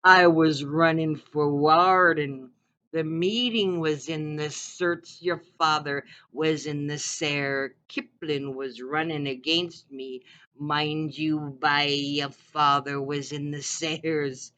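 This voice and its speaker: A speaker voicing an old Red River settler man, telling a yarn in the Bungi dialect with animated, drawn-out delivery. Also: mid-range voice, highs cut off.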